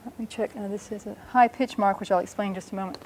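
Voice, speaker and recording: A woman teaching a language lesson, explaining patiently and sounding out words slowly and carefully. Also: medium pitch, fairly even intonation, a little mellow, a little hiss or hum.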